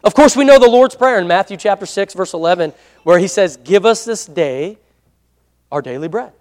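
Male pastor, high voice, chatty sermon, asks for amens, reverberant church hall. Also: animated, moderate pace, a little mellow. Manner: conversational preaching with frequent amen prompts.

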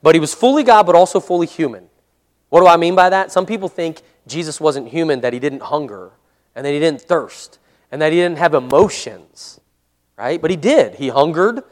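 A man leading a casual Bible study as a pastor, conversational and given to chuckles and "Amen?" checks, slowing into a measured tone when reading scripture aloud. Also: a little high, expressive, big-room sound. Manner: conversational, chuckles often, asks "Amen?" and "right?".

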